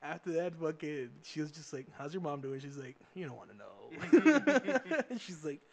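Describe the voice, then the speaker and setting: A young man co-hosting a podcast, telling a story in a casual, animated and profane way, laughing often and acting out the voices of the people in it. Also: fairly high pitch, brisk. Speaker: podcast co-host.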